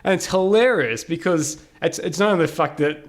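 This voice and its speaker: An Australian man, a podcast guest, telling a travel story in a casual, animated way, full of "like" and quick quoted voices. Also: a little high.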